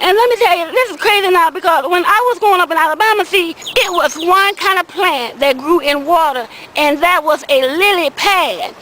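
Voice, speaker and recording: A rambling old man spins a comic yarn, voiced by a woman. His voice sits very high, with a soft hiss of noise behind it. He loops back on himself with repeated "I said" and "see," folksy and unhurried. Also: poor audio. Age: older. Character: older Southern man, rambling small-time weed seller. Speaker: comic character monologue. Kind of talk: comedic storytelling in character.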